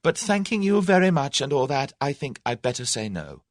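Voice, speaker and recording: A man voicing a spirited, quick-tempered young English woman with sharp, indignant retorts. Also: mid-range voice, big pitch swings, no echo, clean studio sound, voice pushed up, close to an everyday voice.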